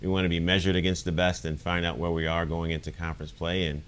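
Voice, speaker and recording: Very deep-voiced laid-back man. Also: flat delivery, fast, a bit bright, a little hiss or hum. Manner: laid-back, chatty, lots of fillers. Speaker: soccer head coach. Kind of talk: casual podcast chat.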